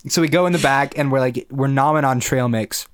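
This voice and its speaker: A young man co-hosting a podcast tells a lengthy story in casual conversation, wandering off track, cursing, and laughing as he goes. His mid-range voice is clear and resonant, and he speaks slightly fast.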